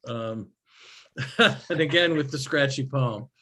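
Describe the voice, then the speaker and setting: Brief: male open mic host, bright forceful tone, chatty, laughs easily. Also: medium pitch, takes it slowly.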